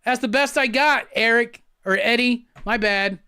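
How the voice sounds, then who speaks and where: Slow, joking male live-stream host. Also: very high-pitched, sharp tone, clear, resonant tone, no room sound. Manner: loose and joking, swears, laughs, reads chat aloud. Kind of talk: casual live-stream chat.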